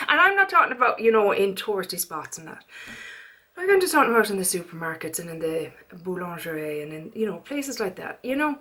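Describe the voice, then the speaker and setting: Bright-voiced chatty Irish woman. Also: on the high side, fairly quick. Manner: chatty, animated, prone to rants. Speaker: beauty vlogger. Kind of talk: casual chatty haul vlog.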